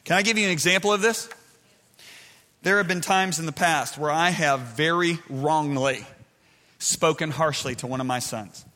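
A middle-aged man preaching a sermon to a live crowd, swinging between loud shouted points and soft, confiding asides. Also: fairly high pitch, moderate pace. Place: large hall with an audience. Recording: long hall reverb.

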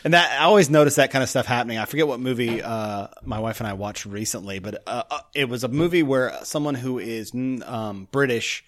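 A man's voice: mid-range voice, a little fast, few pauses, fairly bright tone. Rambling American man, casual chat. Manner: rambling, hesitant with many fillers. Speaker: podcast co-host.

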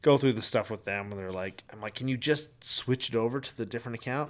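A man's voice: medium pitch, fast talker, hardly any pauses. A man co-hosting a podcast, telling an exasperated, profane story in a casual rant. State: sick with flu at the time told, not now. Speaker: podcast co-host.

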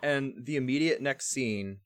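A man with a mid-range voice talking in relaxed podcast chat, swearing freely and slipping into acted-out quotes. The recording is dry and close. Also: medium pitch, moderate pace, no room sound. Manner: casual and profane, acts out quotes. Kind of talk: casual chat.

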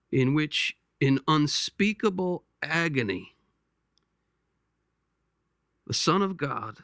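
A man hosting a podcast, giving a slow pastoral reflection, gentle and halting, often repeating words as he searches for them. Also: on the high side, expressive, no room sound, clean studio sound. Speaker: podcast host.

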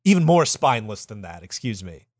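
A man's voice: lowish voice, big pitch swings, brisk, a little mellow, no echo, studio quality. A man co-hosting a comedic history podcast, swearing, joking and slipping into silly voices. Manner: profane, jokey, slips into silly voices. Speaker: podcast co-host. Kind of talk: casual comedic history chat.

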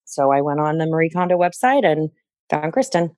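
A woman's voice: sits low, animated, brisk, darkish tone, dry recording. A woman talking candidly and reflectively as a guest in a casual interview, sometimes laughing at herself. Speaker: interviewee, organizing client.

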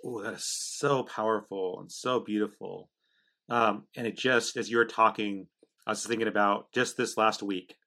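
A middle-aged man hosting a faith conversation, telling a family story in a quick, chatty, animated way. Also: on the low side.

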